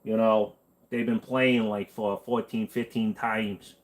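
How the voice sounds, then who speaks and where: A man's voice: on the low side, flat delivery, slow pace. A man hosting a casual livestream chat, rambling in a laid-back way with lots of fillers. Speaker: host.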